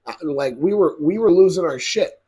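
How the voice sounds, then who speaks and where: A young man telling a story to his viewers in a casual, profane, animated way, often checking in with "right?". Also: a little high, normal speed, breathy edge.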